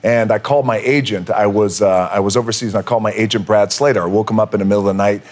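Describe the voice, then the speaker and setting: A man in conversation, telling a playful story in an animated way. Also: lowish voice, very fast. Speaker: interview guest.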